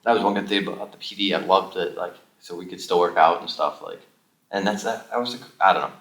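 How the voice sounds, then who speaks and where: A man's voice: low voice, fast talker, a bit bright. A man co-hosting a podcast interview, chatting casually and offering brief affirmations. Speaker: podcast co-host. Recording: echoey room.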